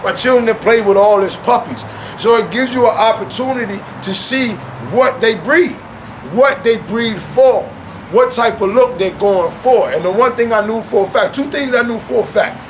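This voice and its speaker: A man's voice: extremely high pitch, normal speed, a little hiss or hum. A young man talking casually and animatedly at home with his dogs, dropping "man" into nearly every thought. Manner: animated, loose slang-heavy talk with frequent "man". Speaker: guest. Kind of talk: casual chat.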